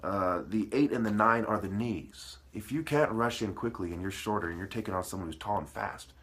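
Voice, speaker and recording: A man's voice: lowish voice, fairly quick, a bit bright. A man delivering a profane, preachy monologue, breaking words apart into syllables as he lectures. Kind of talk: ranting monologue.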